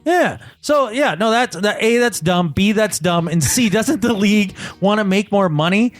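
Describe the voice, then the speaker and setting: A man's voice: high voice, expressive, normal speed. A man co-hosting a casual podcast, ranting in a joking, exasperated way. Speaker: podcast co-host. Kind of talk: casual chat.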